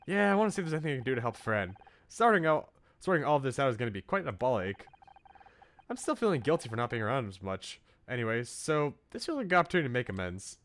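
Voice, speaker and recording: A man's voice: mid-range voice, sing-song, quick pace, fairly bright tone. A man reading a blunt British woman friend. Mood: cheeky. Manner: tries an English accent, then drops it.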